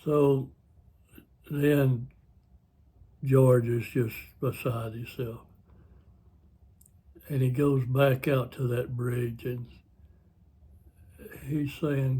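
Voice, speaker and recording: Slow, husky man rambling. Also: medium pitch, flat delivery, mellow. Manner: rambling, self-correcting. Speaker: vlogger. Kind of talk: casual storytelling.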